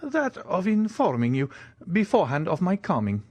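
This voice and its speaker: A man's voice: wildly swooping pitch, moderate pace, a little mellow, dry recording, dull audio, exaggerated voice. Major Cavalcanti, a man voicing a timid, eager old Italian. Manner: high quavering eager voice.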